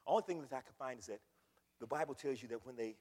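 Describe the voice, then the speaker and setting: A man preaching a sermon, swinging between hushed pleading and loud cries. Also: medium pitch, quick pace, slightly rough. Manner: impassioned, swings from hushed to shouting. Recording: long hall reverb.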